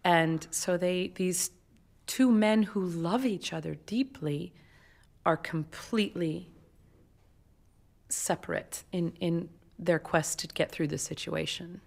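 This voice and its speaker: A woman opera singer explaining her craft in an onstage interview, talking in an expressive, animated way. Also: on the low side, slow, vocal fry. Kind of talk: onstage interview before an audience.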